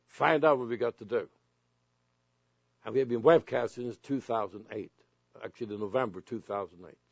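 A gravelly male pastor preaching a sermon with a slightly husky edge. He builds to forceful commands at the peaks. The recording is dry and a little dull. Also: mid-range voice, normal speed, dry recording. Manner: preachy, rising to shouted commands.

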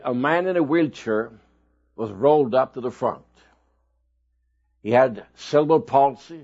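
A man preaching a sermon, telling his own testimony slowly and with emphatic bursts of loudness. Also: medium pitch, breathy edge. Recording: dull lo-fi recording.

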